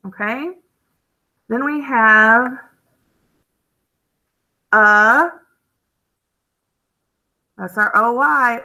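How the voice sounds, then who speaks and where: A woman with a fairly high, sharp voice teaches young children a phonics lesson, speaking very slowly with long pauses. She thinks aloud while coding words, encouraging the kids and gasping with delight at each new rule. The recording quality is low.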